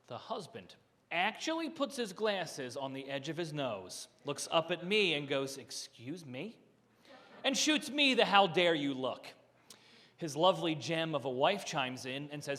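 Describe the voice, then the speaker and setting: A man's voice: a little high, animated, normal speed, a bit bright, in a large hall. A man performing a stand-up comedy set, telling stories with punchy asides and acting out what people said. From Philadelphia area. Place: country club room, live audience.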